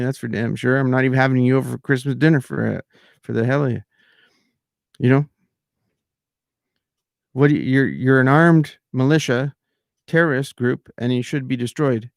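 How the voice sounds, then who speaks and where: A middle-aged man with a gravelly, creaky voice rants in loose, indignant commentary, full of fillers and restarts. His voice sits at a middling pitch and sounds close and dry, with no room around it. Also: no echo. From outside America. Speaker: channel host. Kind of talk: casual ranting commentary.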